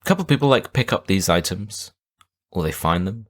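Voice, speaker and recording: A man with a low, deep voice co-hosts a casual podcast, recapping a film in a rambling way. His delivery swings widely up and down as he talks, full of animated inflection. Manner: rambling recap with quick silly put-on voices. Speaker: podcast co-host. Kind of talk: casual film-review banter.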